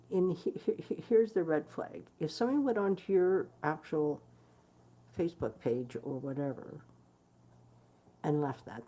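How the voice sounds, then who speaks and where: A woman guitarist hosting her own stream talks straight to the camera for her followers in a low, warm voice. She's blunt and swears freely, with lots of fillers and restarts.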